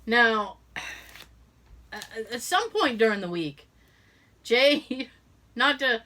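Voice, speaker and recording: A woman's voice: a little high, extremely slow. A middle-aged woman co-hosting a podcast, telling a story in casual chat and acting out the voices of the people in it. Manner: animated, acts out quoted voices, laughs often. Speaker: podcast co-host.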